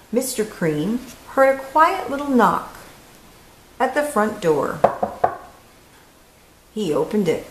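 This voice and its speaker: A woman reading a children's picture book aloud as host, with expressive story-time delivery. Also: a little high. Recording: echoey room.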